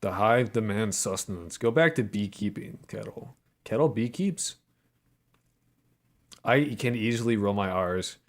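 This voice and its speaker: A man livestreams his game development, chatting casually with viewers, reading their messages aloud and replying with profane, joking banter. His voice is lowish and his pace a little slow.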